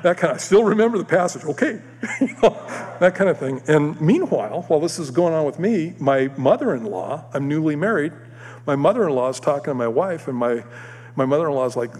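A man giving a sermon, telling a personal story in an animated way and acting out the voices of the other people in it. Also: on the high side, moderate pace. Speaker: preacher. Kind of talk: sermon testimony. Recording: long hall reverb.

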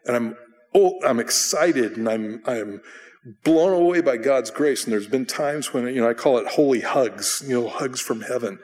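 Middle-aged man, pastor, casual self-mocking sermon, average pitch, long hall reverb. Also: moderate pace. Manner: conversational, self-deprecating, with bursts of acted shouting.

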